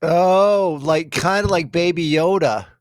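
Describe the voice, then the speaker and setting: A man's voice: fairly high pitch, slow, no echo, clean studio sound. A man co-hosting a podcast, joking and bantering in casual chat. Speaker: podcast co-host.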